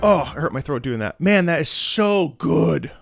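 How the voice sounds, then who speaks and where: A man, an opera singer, excitedly reacting to orchestral game music, gushing and humming melody lines between comments. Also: a little high, normal speed, vocal fry. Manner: gushing, emphatic, hums and scats melodies. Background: loud orchestral music playing.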